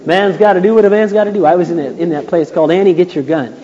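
A man preaching a sermon, telling stories from his life and acting out the voices of the people he quotes. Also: rapid-fire. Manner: storytelling, acts out quotes in a high excited voice. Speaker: pastor. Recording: dull 1980s church tape in a reverberant hall.

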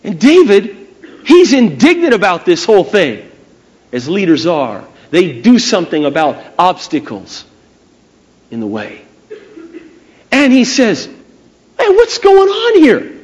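A man preaching a sermon, retelling stories in an animated way and speaking straight to his listeners. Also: high-pitched, unhurried, long pauses, low-quality recording.

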